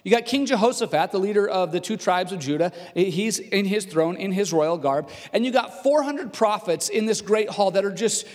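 A man preaching a sermon who retells a scripture story with lively acted-out voices. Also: high voice, moderate pace, hardly any pauses. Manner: animated, acts out the characters' voices. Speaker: pastor. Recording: long hall reverb.

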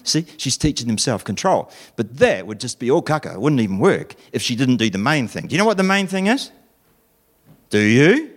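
A middle-aged man gives a conversational sermon, animatedly telling stories, acting out voices, and asking his listeners questions. His voice is medium in pitch and fairly quick.

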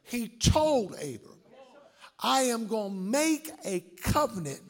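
A man preaching a sermon as pastor, calling on the congregation to answer back and swinging between shouts and hushed asides. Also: very high-pitched, big pitch swings, slow pace. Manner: preaching with call-and-response to the congregation.

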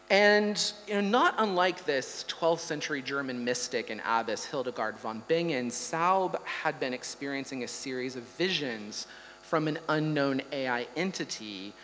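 A man's voice: medium pitch, bright, forceful tone. Hesitant man lecturing in a reverberant hall. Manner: hesitant, frequent ums between phrases. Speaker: artist giving a lecture. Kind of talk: performance lecture. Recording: long hall reverb, faint hum.

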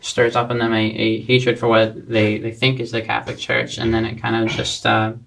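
A man's voice: medium pitch, monotone, normal speed, vocal fry, a bit bright, low-quality recording. A man co-hosting a talk show, speaking tentatively with fillers and restarts. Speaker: co-host. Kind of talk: conversational discussion.

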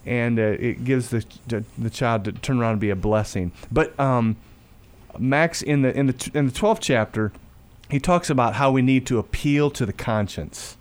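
The host of a faith talk show, a man with a mid-range voice, tells a family anecdote casually and with hesitation. Words get repeated often, and his voice goes soft when he quotes himself.

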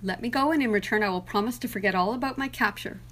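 A woman's voice: medium pitch, fast talker, fairly bright tone, close to an everyday voice. A woman voicing Father Time as a stern old man in a storybook reading, in a grave, lecturing tone.

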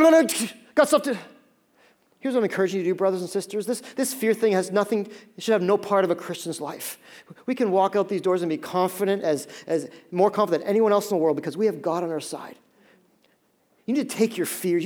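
Man preaching, fairly high voice, emphatic and pleading, drops to soft low stretches, pastor delivering a sermon. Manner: emphatic preaching that swings between loud pleas and soft low passages.

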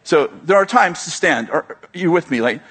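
Middle-aged male preacher, slightly high voice, chatty and animated, in a large church hall. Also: moderate pace, breathy edge. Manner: conversational preaching, acts out dialogue, frequent restarts. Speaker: pastor speaking at a leaders conference. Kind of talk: sermon.

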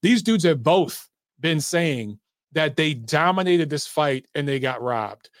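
A man's voice: a little high, lively intonation, slow, no echo, clean studio sound. A middle-aged man hosting a boxing podcast, ranting in casual commentary with profane, emphatic, repetitive talk.

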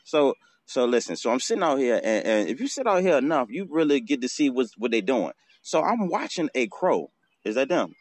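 A man's voice: medium pitch, big pitch swings, a little fast, no echo. A man hosting a podcast outdoors, telling a casual, swearing story and acting out the bird calls. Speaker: podcast host.

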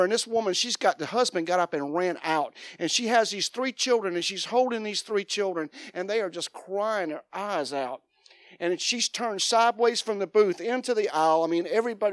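A man's voice: sits high, no room sound, studio quality. A man preaching a sermon with a personal testimony, earnest and storytelling, building to a fervent prayer in church. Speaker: preacher giving an offering appeal.

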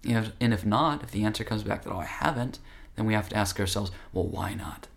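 Gravelly man giving an earnest spiritual talk. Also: on the low side, brisk. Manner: earnest, conversational, direct. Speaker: yoga teacher.

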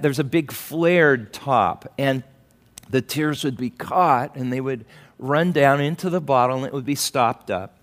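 Slow-preaching man in a conversational sermon. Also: mid-range voice. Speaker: pastor.

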